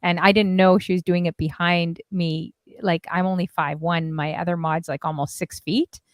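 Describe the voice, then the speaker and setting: A woman's voice: lowish voice, steady tone, normal speed, no room sound. A woman hosting a casual group call on her stream, chatty and gushing, laughing often. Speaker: stream host and DJ.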